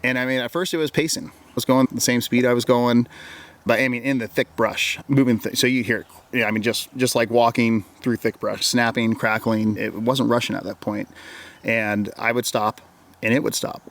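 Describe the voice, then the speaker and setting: A man with a mid-range, fairly bright voice speaks at a moderate pace in a steady tone. He's a wilderness guide from Oregon, a guest in an interview who rambles through a long story about an encounter. He keeps repeating himself and quoting his own words with "I'm like."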